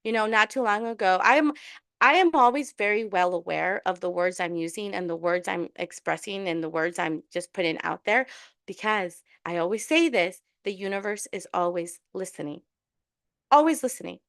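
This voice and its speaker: A woman's voice: fairly low pitch, moderate pace, fairly bright tone, no echo, studio quality. A woman giving a tarot and spiritual workshop in an earnest, encouraging casual talk, with many restarts. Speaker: tarot reader and spiritual coach.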